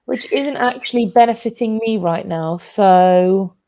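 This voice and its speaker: A woman's voice: medium pitch, measured pace, dark tone. A woman hosting a casual online football chat from home over a video call, rambling with lots of fillers and restarts. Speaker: show host.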